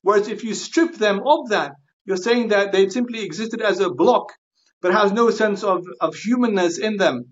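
A man speaking as a guest scholar on a podcast, earnest and halting, often repeating and restarting words. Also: high-pitched, muffled recording. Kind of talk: podcast interview discussion.

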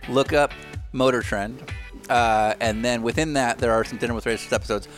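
A man's voice: medium pitch, fairly even intonation, fairly quick, soft background music. A man hosting a podcast, joking loosely through chat and a sponsor read. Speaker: podcast host.

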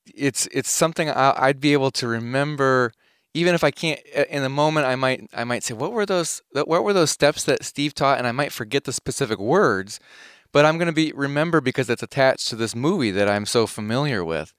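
A man hosting a podcast interview who talks in a casual, halting way and repeats words as he thinks. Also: mid-range voice, a bit bright, smooth, no echo, clean studio sound. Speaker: podcast host.

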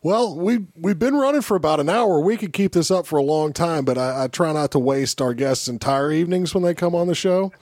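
A man with a somewhat high voice hosting a casual chat. He keeps an easy, relaxed tone as he steers the conversation. The sound is close and dry. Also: fairly quick, few pauses, no echo. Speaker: show host.

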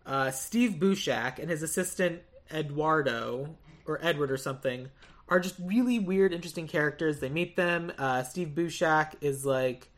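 A woman hosting a podcast, retelling a movie's plot in a casual, chatty way with quick asides and laughs. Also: low voice. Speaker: podcast host. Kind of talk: casual movie recap chat.

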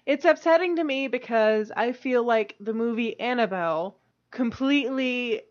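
A woman's voice: a little high, normal speed. A woman co-hosting a casual podcast, chatty and explaining what she has read about a subject. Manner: chatty, explains research, laughs often. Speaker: podcast co-host. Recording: dull lo-fi audio.

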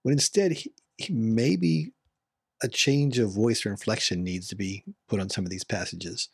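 A man's voice: lowish voice, moderate pace, gravelly, breathy edge, no echo, clean studio sound. A man in a bible study discussion who talks reflectively and leans on certain words for emphasis. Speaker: discussion panelist.

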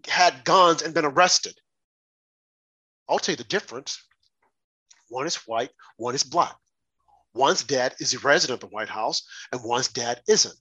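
A man's voice: fairly high pitch, pushed and bright, slightly rough. A man hosting a talk radio show, delivering an indignant, rhetorical monologue with emphatic questions.

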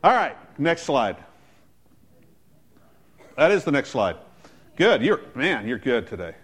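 A man's voice: mid-range voice, sing-song, takes it slowly, fairly bright tone, husky. A man, a pastor, preaching a sermon in a conversational way with joking asides.

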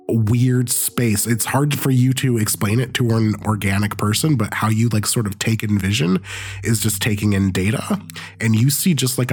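A man narrating a tabletop game as game master, relaxed and loose with many fillers. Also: fairly low pitch, slightly rough.

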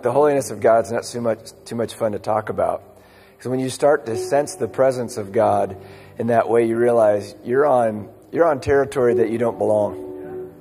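A man's voice: mid-range voice, vocal fry, darkish tone. A male pastor giving a casual, conversational sermon in a church sanctuary. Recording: long reverb of a large hall.

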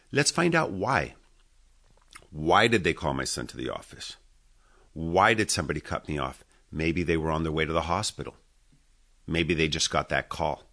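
Podcast guest, man in his fifties, very low voice, chatty storyteller who acts out dialogue. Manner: animated, acts out quoted dialogue. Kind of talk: conversational storytelling.

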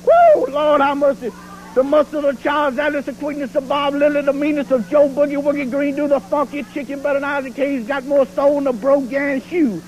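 A man's voice: very high-pitched, level tone, brisk, highs cut off, slight background noise. A man cutting a boastful, taunting wrestling promo in rhyming, preacher-like brags, heard from an archive TV clip. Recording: archive TV clip with cheering crowd.

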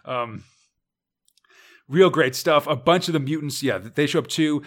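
A man's voice: a little high, measured pace. A man co-hosting a casual podcast, recapping a comic story in a rambling way with lots of fillers and laughs. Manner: rambling, many "like" fillers and restarts, laughs often. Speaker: podcast co-host.

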